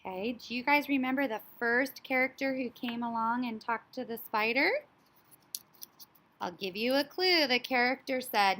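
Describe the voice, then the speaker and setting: A woman teaching a story sequencing lesson to young children, speaking in an animated, child-directed way and now and then imitating animal sounds. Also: a little high, unhurried.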